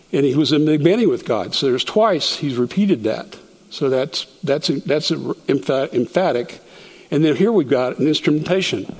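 A man's voice: fairly high pitch, expressive, moderate pace, big-room sound. A man teaching a Bible study verse by verse, explaining as he goes and often stopping to restart a word. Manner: explanatory, stops to restart words.

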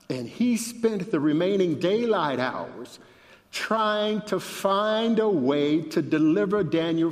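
A man preaching a sermon and reading scripture aloud with dramatic emphasis, his voice rising at the high points. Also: big-room sound.

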